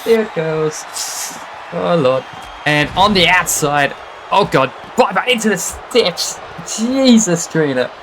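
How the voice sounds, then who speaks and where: A man doing live play-by-play wrestling commentary, reacting with quick gasps and exclamations. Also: a little high, lively intonation, a bit bright, slight background noise, low-quality recording.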